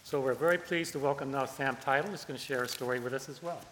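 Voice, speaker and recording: A man's voice: mid-range voice, fast, fairly bright tone, a little hiss or hum. A man leading a church service, speaking in a plain, explanatory way. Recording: echoey hall.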